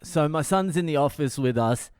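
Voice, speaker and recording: A comedian hosting his own podcast, telling a story in a profane, wry, deadpan way with lots of swearing. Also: fairly high pitch, moderate pace, clear, resonant tone, no room sound, clean studio sound. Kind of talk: comic storytelling monologue.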